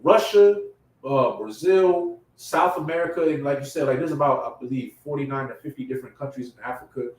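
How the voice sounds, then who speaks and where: A man preaching a sermon in casual slang, growing impassioned and loud at his emphatic peaks. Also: medium pitch, brisk. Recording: echoey room from far off.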